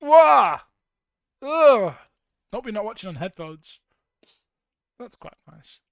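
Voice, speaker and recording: A young man who plays in a band livestreams from his home music studio, chatting casually and rambling with jokey asides while he builds a track. His voice sits high and creaky at normal speed, and the dull audio has no room sound.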